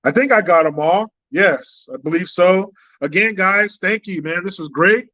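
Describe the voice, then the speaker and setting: A man's voice: sits high, normal speed, pushed and bright, no echo, muffled recording. A man hosting a political commentary live stream, talking in a blunt, profane, combative way.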